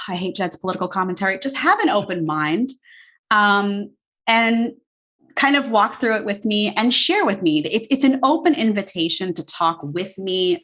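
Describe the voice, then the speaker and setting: Woman in her thirties chatting about her book, lively and rambly, lots of likes. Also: lowish voice. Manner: animated, talks fast with many likes and restarts. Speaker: author and guest. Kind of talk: casual interview chat. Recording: live video call.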